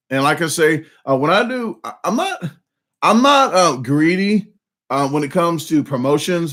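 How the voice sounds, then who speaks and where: A Southern US man chatting on a live stream, his voice sitting a touch higher than most men's. He rambles along with plenty of fillers and false starts, and he sounds a little hoarse, clearing his throat now and then. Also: a bit bright. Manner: rambling, many restarts and fillers. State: slightly hoarse, coughing. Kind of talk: casual live chat.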